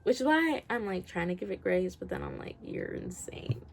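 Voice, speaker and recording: A woman's voice: medium pitch, lively intonation, a little fast, gravelly, slight background noise. A woman giving a casual, rambling rant review, swearing freely and laughing often. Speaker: book reviewer.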